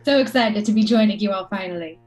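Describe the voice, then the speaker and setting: A woman introducing herself as a new player in a tabletop game, friendly and excited. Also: mid-range voice, fast talker, music in the background, poor audio. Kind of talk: casual chat.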